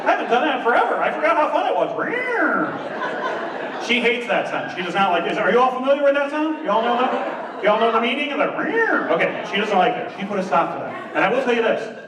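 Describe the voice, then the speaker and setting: Man, stand-up comedian, high voice, chatty, quizzes the audience, audience present. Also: racing. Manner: chatty, animated, works the crowd with questions. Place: large room on stage before an audience. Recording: roomy hall, distant mic, audience.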